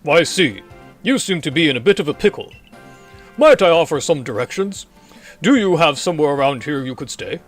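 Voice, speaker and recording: A fussy, genteel scholar of a professor, as a man puts him on, fretting in courtly, old-fashioned phrases with a lively, swooping voice. The voice sits a little high, with faint game music underneath. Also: fairly quick. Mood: courteous.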